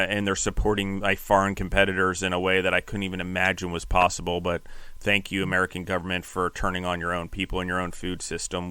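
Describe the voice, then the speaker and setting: Deep monotone guy hosting a podcast, rambly, lots of "like", dry close sound. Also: clear, resonant tone, no room sound. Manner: rambling, fills with "like". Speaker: podcast host. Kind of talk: casual interview.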